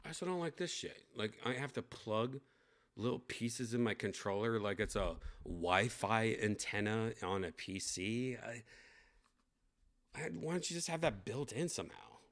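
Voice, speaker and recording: A man's voice: medium pitch, expressive, normal speed, gravelly. A young man giving blunt, profane unboxing commentary, ranting with lots of fillers. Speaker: tech vlogger unboxing a VR headset.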